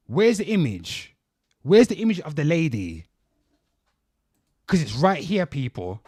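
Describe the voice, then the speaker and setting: A young man on a reaction commentary show rants at his viewers, swearing freely and turning back to address them over and over. His voice sits high for a man and swoops through a wide range. The recording is close and dry, with no room sound. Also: a little mellow, dry recording. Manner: heated, swearing, repeatedly addressing "people". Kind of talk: profane ranting commentary to viewers.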